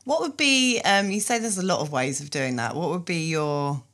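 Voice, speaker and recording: A woman's voice: deep voice, animated, normal speed, a bit bright. A woman hosting a podcast, chatting candidly and expressively with her guest. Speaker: podcast host. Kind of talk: casual interview chat.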